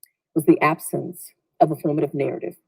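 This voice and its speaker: A woman's voice: low voice, steady tone, fairly quick, vocal fry, slightly rough, dry recording, low-quality recording. A woman telling a personal story in a reflective way, sometimes acting out what others said. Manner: reflective, acts out quoted voices.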